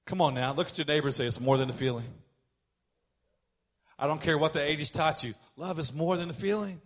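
A man preaching with a high, bright voice that swells as he drives his points home. He calls on the congregation to repeat lines back and draws out key words for emphasis. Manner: slows down to stress key words. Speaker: pastor. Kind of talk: sermon.

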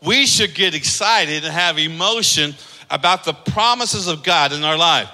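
A man delivers a sermon as pastor in a high, ringing voice with a sharp, bright edge. He speaks emphatically and draws the congregation into reading along with him. His voice carries a long reverb from a large hall. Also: measured pace.

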